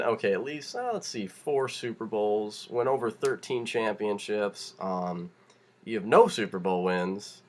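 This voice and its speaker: A man's voice: mid-range voice, measured pace, a bit bright. A young man, ranting casually and laughing as he talks, full of restarts and rising heat. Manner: fired-up, laughing, rambling rant with restarts. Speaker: vlogger. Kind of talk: casual rant to camera.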